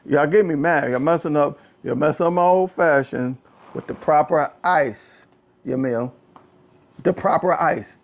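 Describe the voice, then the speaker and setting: A man hosting a casual political talk show, ranting in an animated, exasperated way, often repeating phrases and swinging from low muttering to a raised voice. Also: measured pace. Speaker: podcast host. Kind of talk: casual political commentary rant.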